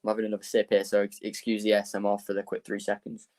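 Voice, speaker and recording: A man's voice: on the low side, completely flat delivery, very fast, darkish tone. Chatty man hosting a live watchalong. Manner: chatty, rambling, laughs often. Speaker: livestream host. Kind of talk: casual live football watchalong commentary.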